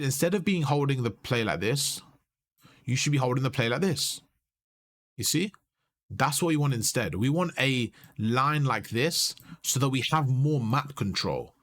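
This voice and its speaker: A man's voice: medium pitch, fairly bright tone. Man coaching over gameplay footage. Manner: instructive, repeats key points, asks "you see?".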